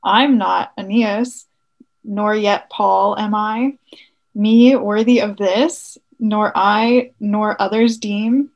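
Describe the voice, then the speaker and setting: Slow-reading woman with verse. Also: medium pitch, fairly even intonation, highs cut off. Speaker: podcast co-host reading the poem aloud.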